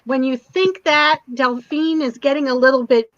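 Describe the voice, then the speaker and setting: High-voiced woman, emotional chat. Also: moderate pace, no room sound. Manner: emotional, animated storyteller. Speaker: co-host. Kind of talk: casual chat recapping a TV episode. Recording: dull lo-fi stream audio.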